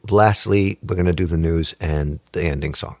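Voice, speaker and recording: A man's voice: deep voice, normal speed, darkish tone, no room sound. A man hosting a casual podcast chat, joking and teasing his co-host. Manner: teasing, jokey, prone to laughing fits.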